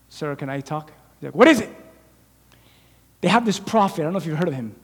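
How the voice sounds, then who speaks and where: A man's voice: a little high, lively intonation, fairly quick, pauses often, husky. A man preaching a sermon, animatedly acting out the scripture story as he tells it. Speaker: pastor. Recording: long reverb of a large hall.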